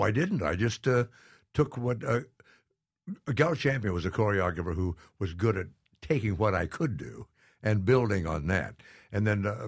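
Older male guest, low voice, self-mocking, chuckles a lot, dry studio sound. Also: dry recording. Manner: self-deprecating, laughs often. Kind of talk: casual interview chat.

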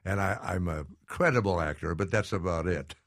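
A man's voice: low-pitched, moderate pace, fairly bright tone, no room sound, studio quality. An older man chatting as an interview guest, self-deprecating and laughing often. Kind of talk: casual interview chat.

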